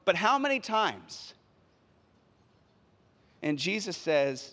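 A man preaching a sermon as pastor, retelling scripture in an animated, conversational way. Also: a little high, moderate pace, long pauses. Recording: long hall reverb.

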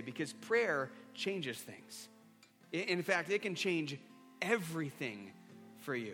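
A man preaching a sermon to a congregation, earnest and repeating a refrain as he leads an altar call and a line-by-line prayer. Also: fairly high pitch. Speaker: pastor. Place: church hall before a congregation. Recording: long hall reverb with soft guitar.

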